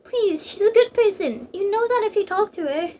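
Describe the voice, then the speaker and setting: Audiobook figure: a woman doing a jittery young male scientist, pleading, high-voiced. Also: lively intonation, moderate pace, warm tone, a little hiss or hum. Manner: pleading, anxious.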